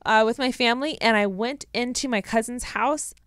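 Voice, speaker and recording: A woman's voice: a little high, moderate pace, a bit bright, clean tone, no room sound. Chatty young woman, dry close sound. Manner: chatty, rambling storyteller. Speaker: podcast co-host. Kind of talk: casual chat.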